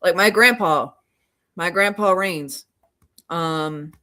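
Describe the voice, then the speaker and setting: A woman's voice: fairly low pitch, slow, sharp tone. A woman from Oklahoma co-hosting a podcast in casual chat, rambling with many fillers and restarts. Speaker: podcast co-host.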